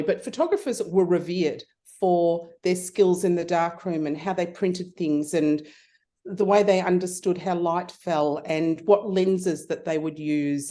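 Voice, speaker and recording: A middle-aged woman spins an anecdote in a relaxed interview, her pitch leaping whenever she acts out what someone said. Her voice sits fairly low and sounds warm and mellow. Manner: animated storyteller, acts out voices with big pitch jumps. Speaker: guest. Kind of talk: casual interview storytelling.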